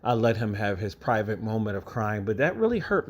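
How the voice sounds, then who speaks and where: A man from New York State talking straight to camera in a casual monologue, emotional and halting, holding back tears and repeating his words. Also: on the low side, very animated. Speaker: vlogger.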